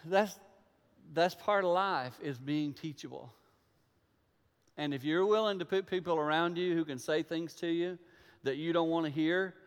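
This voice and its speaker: A man preaching a sermon from a church stage, telling stories and acting out conversations, dropping to a hush and then rising to loud emphasis. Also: a little high, clear, resonant tone. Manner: storytelling, acts out dialogue, swings from hushed to loud. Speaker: pastor. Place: church sanctuary. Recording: reverberant hall.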